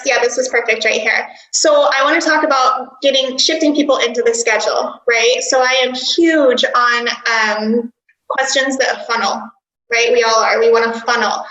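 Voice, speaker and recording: A woman coach teaching a workshop, energetic and instructive, often giggling. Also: high voice, roomy sound, poor audio. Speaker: dental practice coach.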